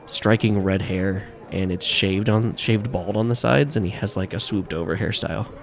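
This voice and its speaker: Male game master, lowish voice, rambling casual narration. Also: vocal fry. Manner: rambling, halting, many fillers. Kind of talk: narrating a tabletop horror game.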